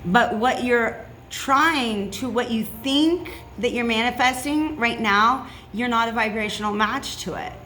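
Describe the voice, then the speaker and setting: A woman's voice: fairly high pitch, a little slow, few pauses, sharp tone, slight background noise. A woman giving a casual tarot reading, chatty and reassuring, checking in with "okay?" often. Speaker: tarot reader.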